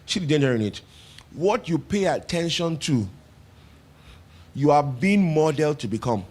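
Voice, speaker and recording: A man's voice: on the high side, lively intonation, moderate pace, a little mellow. A man with a Nigerian English accent preaching a sermon as pastor, talking conversationally, asking the congregation questions and repeating phrases for emphasis.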